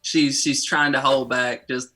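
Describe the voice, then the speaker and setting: Animated storytelling man, bright voice. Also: mid-range voice, unhurried. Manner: animated, chatty storyteller with many restarts. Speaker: podcast co-host. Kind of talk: casual storytelling chat.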